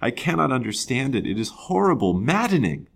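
A man's voice: deep voice, sing-song, moderate pace, exaggerated voice. A man doing an anguished young man in grief. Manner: anguished, impassioned outbursts. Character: heartbroken young man, grieving fiancé. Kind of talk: storybook reading.

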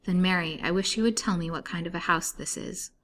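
A woman's voice: lowish voice, fairly quick, a bit bright, slight background noise, lightly acted. A woman voicing a frightened young woman held prisoner, who speaks in an earnest, pleading way.

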